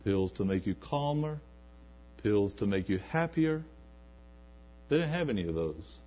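A man's voice: lowish voice, animated, a little slow. A man preaching a sermon in a church, building to emphatic peaks and acting out quoted asides. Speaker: pastor. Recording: dull lo-fi recording.

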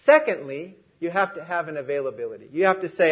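Male preacher, mid-high voice, emphatic and repetitive delivery, muffled lo-fi church recording. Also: animated, quick pace, hardly any pauses. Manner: emphatic, repeats phrases for stress. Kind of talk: sermon.

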